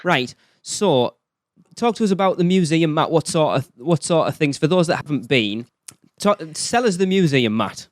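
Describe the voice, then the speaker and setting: Northern English male podcast co-host, mid-pitched, jokey and chatty, dry close sound. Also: expressive, moderate pace, dry recording. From northern England. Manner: chatty, jokey, self-deprecating. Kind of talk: casual chat.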